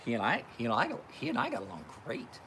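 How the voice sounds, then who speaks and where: While sharpening knives on a live stream, a man tells rambling, profane stories in casual fashion, doing other people's voices in high tones. He talks fast with huge pitch swings and a somewhat bright sound, over faint background noise.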